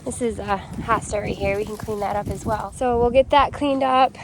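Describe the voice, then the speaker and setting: A woman's voice: medium pitch, moderate pace, background noise. A woman vlogging about her home garden in a casual, rambling chat, talking straight to her viewers while she works outdoors.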